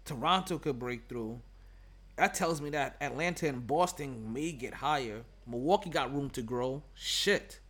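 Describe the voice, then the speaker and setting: A man's voice: medium pitch, measured pace, a bit bright, breathy edge. A man hosting a sports podcast, talking loosely and chattily with plenty of profanity. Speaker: podcast host. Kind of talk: casual sports talk.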